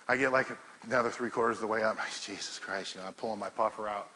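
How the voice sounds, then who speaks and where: A middle-aged man speaks to a live room in a bright, forceful voice, storytelling with plenty of swearing and chuckles. He talks with animated energy. Faint background noise sits under the talk. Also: fairly low pitch, fast talker, low-quality recording. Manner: profane, laughing storyteller, animated. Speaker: powerlifting coach giving a talk.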